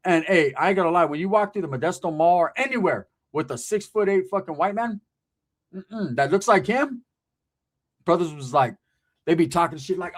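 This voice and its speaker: A man's voice: high voice, lively intonation, brisk. A middle-aged man telling a street story in casual, profane slang, keeps checking in with "right?".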